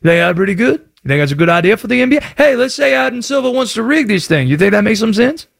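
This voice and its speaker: A man from North Carolina hosting sports talk radio, chatty and animated. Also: high-pitched, fast, gravelly.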